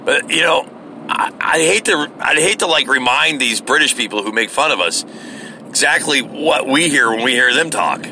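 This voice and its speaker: A man's voice: medium pitch, animated, moderate pace, bright, forceful tone, a little hiss or hum. An American man talking in a casual, rambling monologue that is full of fillers and swearing. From United States.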